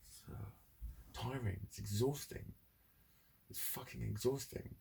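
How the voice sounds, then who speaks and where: A man's voice: medium pitch, fairly even intonation, a little slow, vocal fry, dark tone, husky. A man delivering a candid, ranting vlog monologue full of swearing. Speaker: vlogger. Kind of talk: confessional monologue.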